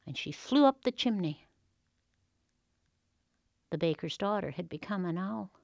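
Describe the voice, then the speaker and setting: A woman storyteller telling a folk tale with expressive, dramatic pauses. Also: lowish voice, gravelly, no room sound, clean studio sound.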